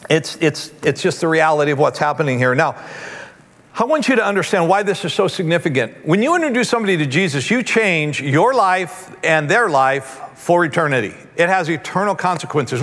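A man's voice: on the high side, expressive, a little fast, a bit bright, big-room sound. A man preaching a sermon, telling a story animatedly with quoted voices. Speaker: pastor.

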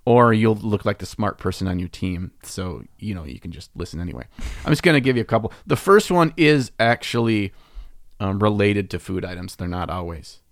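A man's voice: on the low side, a little fast, dry recording, studio quality. A man co-hosting a podcast, chatting casually in a playful, teasing way and laughing often. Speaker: podcast co-host.

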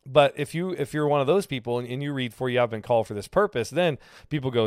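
A man's voice: medium pitch, fast talker, clean tone, no room sound, studio quality. A male pastor teaching a casual sermon, talking conversationally and often correcting himself mid-sentence. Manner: conversational, self-correcting, with frequent fillers.

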